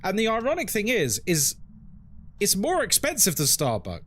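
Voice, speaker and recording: A man's voice: high voice, wildly swooping pitch, normal speed, a bit bright, a little hiss or hum. A man with a London accent, chatting frankly on a live game stream and answering his chat as he plays. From England.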